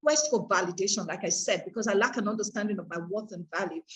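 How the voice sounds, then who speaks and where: A woman with a medium-pitched voice speaks quickly, though the audio quality is poor. As a course speaker on peer pressure, she delivers an earnest, faith-based teaching talk and poses rhetorical questions to her audience.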